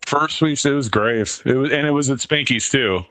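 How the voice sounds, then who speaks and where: A man in his fifties co-hosting a casual podcast, speaking haltingly with lots of repeated words and casual swearing. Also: medium pitch, crowd noise. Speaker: podcast co-host.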